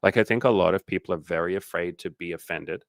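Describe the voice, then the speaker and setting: Man, very low voice, dating coach, candid livestream chat, dry close sound. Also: fast, no room sound. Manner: candid, loose, swears freely, many fillers. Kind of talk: casual livestream Q&A.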